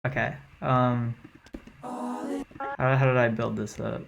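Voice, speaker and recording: A woman's voice: rumbling low, very animated, takes it slowly, creaky, a little hiss or hum. A woman casually talking a livestream through her own song mix, rambling with lots of fillers and the odd swear. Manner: loose, rambling and profane, full of "like" and "um".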